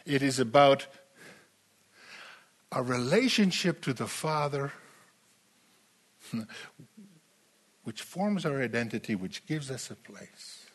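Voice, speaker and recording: A man preaching a sermon in a slow, emphatic way, repeating phrases as he builds his point. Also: mid-range voice, animated, slightly rough.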